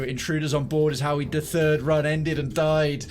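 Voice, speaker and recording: Man in his twenties or thirties, somewhat high voice, live game commentary, swears and talks through his moves. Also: normal speed, hardly any pauses. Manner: animated, swearing, thinks aloud. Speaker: streamer.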